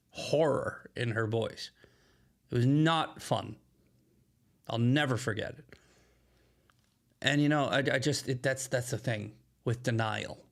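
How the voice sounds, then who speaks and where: A man hosting solo political commentary, emphatic and often asking "right?" as he restarts his phrases. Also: on the high side.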